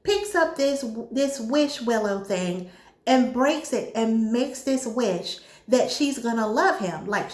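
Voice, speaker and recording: A high-voiced woman chats about a movie and retells the plot with animated flair, turning to her viewers as she goes. Her voice bounces around a roomy, echoing space. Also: takes it slowly. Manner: animated storytelling, talks straight to viewers. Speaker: movie reviewer. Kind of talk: casual chat.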